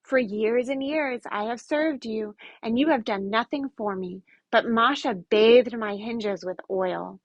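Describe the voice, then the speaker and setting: A talking storybook gate, slow and deliberate, as a woman reads its words. The voice is close and dry. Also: fairly high pitch, no room sound, lo-fi sound. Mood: reproachful. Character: old creaky garden gate, patient.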